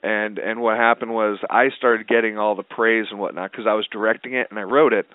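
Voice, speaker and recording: A man's voice: lowish voice, fairly even intonation, a little fast, dry recording. Blunt, profane man on a phone line. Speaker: guest film producer. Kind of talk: casual storytelling interview. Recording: tinny dry phone line.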